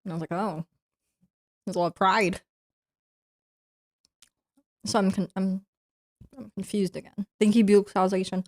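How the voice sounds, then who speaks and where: A woman's voice: medium pitch, fairly even intonation, unhurried, pauses often, darkish tone. A young woman streamer chatting casually to her viewers, rambling with lots of fillers and giggling often. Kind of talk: casual livestream chat.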